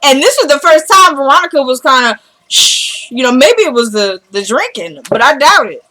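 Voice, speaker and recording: Bright-voiced chatty woman vlogger. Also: high voice, sing-song, a little fast, rough recording. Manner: chatty storytelling, quoting characters. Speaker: vlogger recapping a TV episode. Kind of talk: casual episode recap.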